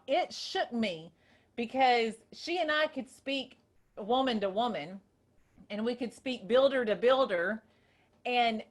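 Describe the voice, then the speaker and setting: Woman host, slightly high voice, excited rambling storyteller. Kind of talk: casual chat.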